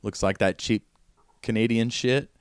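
A man narrating as game master of a tabletop role-playing game, relaxed and descriptive. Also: medium pitch, measured pace, clear, resonant tone, no room sound.

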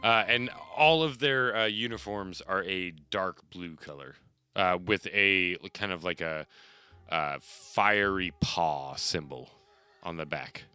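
A man narrating a tabletop game as game master, halting with many fillers. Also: low voice, sharp tone, clear, resonant tone.

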